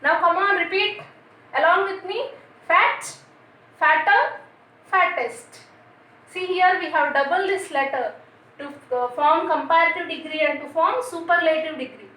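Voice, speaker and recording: In this classroom grammar lesson, an Indian woman teacher with a high, bright voice spells words letter by letter and asks the children questions. She speaks at a moderate pace. The mic picks her up from afar in a very echoey room, with a little noise underneath.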